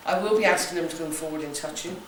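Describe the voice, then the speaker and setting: A woman's voice: low-pitched, fast talker, background noise. Chatty West Country woman, echoey room. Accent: West Country English. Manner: chatty, jokey, keeps checking with "okay?". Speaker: psychic ghost hunt host. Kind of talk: briefing a group on a ghost hunt. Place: large echoey room in an old building. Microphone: camera from a distance. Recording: echoey room recorded from far off.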